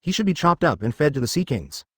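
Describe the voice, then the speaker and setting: A man voicing a cold, ruthless young male pirate captain in a flat, even reading. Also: on the high side, fast talker, husky, dry recording, studio quality.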